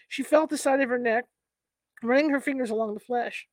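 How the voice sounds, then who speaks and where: A woman's voice: on the high side, fairly quick, dry recording. Woman reading a novel aloud, dry sound. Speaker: reader. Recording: dry close recording.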